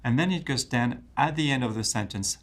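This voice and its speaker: A man hosting a pronunciation lesson, explaining French rhythm and intonation clearly and putting questions to his guest. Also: medium pitch, brisk. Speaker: French pronunciation teacher, host.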